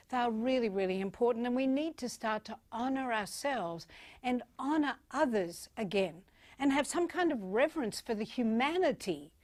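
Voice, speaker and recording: A woman speaking as a keynote speaker, giving a playful, animated motivational talk and acting out little voices. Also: on the high side, no echo.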